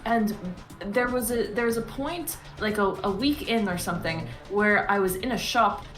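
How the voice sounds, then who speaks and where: A woman's voice: medium pitch, normal speed, fairly bright tone, reverberant, soft background music. A woman chatting casually between game scenes, telling rambling stories full of restarts. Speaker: tabletop game player.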